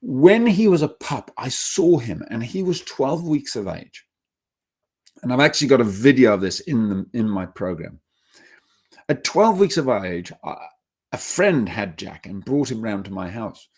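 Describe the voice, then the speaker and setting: A man giving a dog training webinar, telling stories with lively acted quotes and getting emotional at times. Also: medium pitch, a little slow, husky. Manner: animated storytelling, acts out dogs in quotes. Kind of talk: webinar talk.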